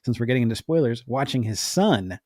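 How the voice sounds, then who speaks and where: A man's voice: mid-range voice, expressive, a little fast, darkish tone, dry recording, clean studio sound. A man appearing as a podcast guest, talking through a film review in a chatty, emphatic way with side notes. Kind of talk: casual film review chat.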